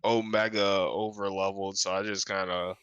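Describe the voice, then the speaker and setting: A man co-hosting a casual gaming podcast, easygoing and quick to laugh. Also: sits low, little pitch movement, fairly bright tone, smooth, no room sound, muffled recording. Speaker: podcast co-host.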